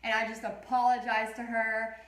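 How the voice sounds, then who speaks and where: A woman in her thirties, an art teacher, chats and tells rambling stories while leading a casual live painting tutorial. Her voice sits a little high and a bit bright, delivered completely flat at a moderate pace. The recording has a roomy echo.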